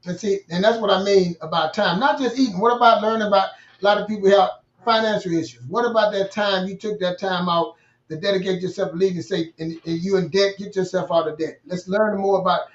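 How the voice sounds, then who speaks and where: A man's voice: sits high, fairly even intonation, brisk. A man, an earnest co-host talking casually and repeating himself as he goes. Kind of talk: casual conversational talk. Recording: distant, roomy, dull remote audio.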